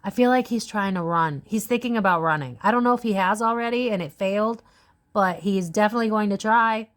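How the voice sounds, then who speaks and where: A woman in her thirties giving a casual psychic tarot reading, chatty and full of fillers, her pitch swinging up and down as she talks. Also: brisk. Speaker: tarot reader.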